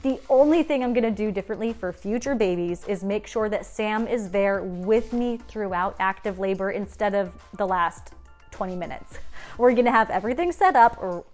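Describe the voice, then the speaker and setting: A young woman, telling her own story to camera in a chatty, animated way and acting out the quoted lines. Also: mid-range voice, moderate pace, soft background music.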